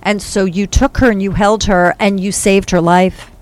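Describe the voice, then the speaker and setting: A woman giving a casual spiritual reading, animated and laughing, slipping into playful voices. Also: medium pitch, moderate pace. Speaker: psychic reader.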